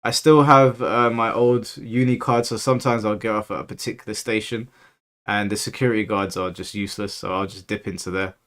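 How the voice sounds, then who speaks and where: A man's voice: on the low side, fairly even intonation, brisk, fairly bright tone. A man in his thirties from London with a London accent, hosting a livestream and chatting casually with viewers, rambling through stories and acting out quoted speech. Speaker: livestream host.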